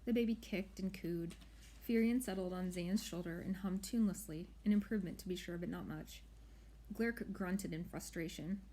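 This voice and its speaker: A woman narrating an audiobook in a measured, expressive storytelling way. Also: fairly low pitch. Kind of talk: audiobook reading.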